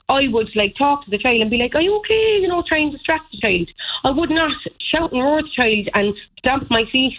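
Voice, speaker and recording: Indignant woman on a phone line. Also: mid-range voice. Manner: indignant, animated retelling. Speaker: caller. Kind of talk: radio phone-in chat.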